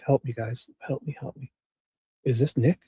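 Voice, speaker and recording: A man hosting a casual livestream, reading court documents aloud and rambling excitedly to his chat. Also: medium pitch, normal speed, breathy edge, no room sound. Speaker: livestream host.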